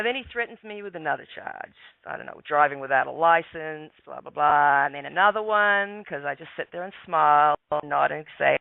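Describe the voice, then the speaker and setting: A man calling in as a guest on a radio show and telling a story casually and calmly, with many stammering restarts. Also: on the high side, gravelly, no room sound. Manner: calm, relaxed, stammering restarts. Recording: tinny phone line, dry.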